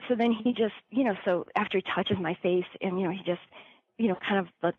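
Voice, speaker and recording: Woman, husky, chatty storyteller, lots of fillers, dry close sound. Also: medium pitch, fast talker, no room sound. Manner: chatty, full of "like" and "you know" fillers. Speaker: guest. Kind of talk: telling her life story. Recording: dry, slightly dull lo-fi recording.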